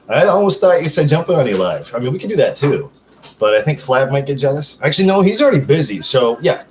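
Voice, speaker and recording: A man's voice: medium pitch, very animated, normal speed, long pauses. A man chatting with viewers from home on a live stream, joking and swearing in a loose, casual way.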